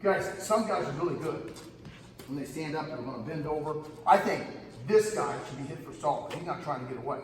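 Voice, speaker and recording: A middle-aged male wrestling coach tells a story at camp, animated and emphatic, constantly calling his listeners "guys". His voice sits a little high. He is recorded from far off in a cavernous, reverberant gym, with steady room noise underneath. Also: fairly quick. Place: large gym hall. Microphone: camera far from speaker. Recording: echoey gym, distant camera, audible room noise.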